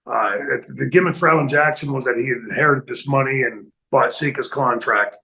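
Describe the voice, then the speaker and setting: A middle-aged man casually telling stories in a studio interview, animated and laughing often, acting out other people's lines. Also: medium pitch, a little fast, creaky, low-quality recording. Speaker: retired pro wrestler guest telling stories. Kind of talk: casual storytelling in a podcast interview.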